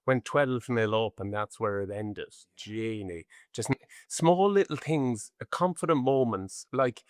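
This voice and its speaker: A man's voice: medium pitch, expressive, a little slow, no echo. Irish male co-host, forties, chatty and rambling, dry close podcast sound. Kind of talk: casual chat.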